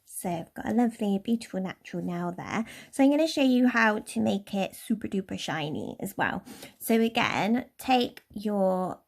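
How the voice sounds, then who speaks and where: A young woman from Somerset giving a relaxed, chatty nail care tutorial in a lightly posh English accent. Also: mid-range voice, moderate pace, vocal fry. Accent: posh-leaning southern English. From Somerset, England. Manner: chatty, relaxed, with soft laughs. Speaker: beauty tutorial host.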